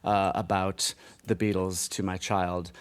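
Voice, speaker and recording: A man's voice: low voice, level tone, a little slow, clear, resonant tone. A man in his forties co-hosting a podcast, chatting casually in a rambling, self-deprecating way with many restarts. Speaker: podcast co-host. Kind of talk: casual chat.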